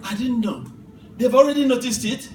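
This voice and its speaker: A man in his fifties preaching a sermon as pastor, swinging from soft asides to shouted declarations and laughing through his stories. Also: very high-pitched, moderate pace, a little hiss or hum. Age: 50s. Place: church hall. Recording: echoey church hall from far off, with music.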